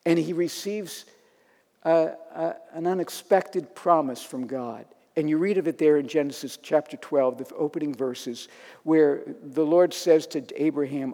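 A man's voice: a little high, measured pace, warm tone. A man preaching a sermon in a conversational, storytelling manner, acting out quotes as he goes. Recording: long reverb of a large hall.

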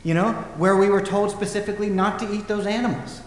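A man's voice: high voice, fairly even intonation, quick pace. A man preaching a sermon in a conversational storytelling way, acting out the people he quotes. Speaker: pastor. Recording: echoey hall, faint ambience.

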